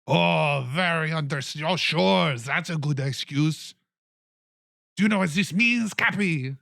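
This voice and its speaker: A man putting on a shrill outraged mayor. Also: takes it slowly, creaky, heavily acted. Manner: loud, whiny, accusing. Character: pompous shrill outraged male town mayor.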